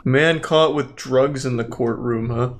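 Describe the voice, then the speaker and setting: A man's voice: mid-range voice, unhurried, noisy background. A man commenting on courtroom videos in a blunt, sarcastic style, swearing often. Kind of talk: profane reaction commentary.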